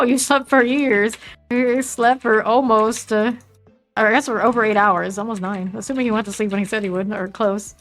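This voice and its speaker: A woman with a Southern US accent, casually commenting while she plays a game, chatty and relaxed as she reads out item names. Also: a little high. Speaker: streamer.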